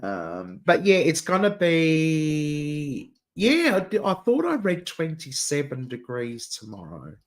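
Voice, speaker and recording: A man's voice: a little high, wildly swooping pitch, slow. A man with an Adelaide Australian accent, hosting a casual livestream chat, chatty and camp, laughing often and calling listeners dear. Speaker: channel host.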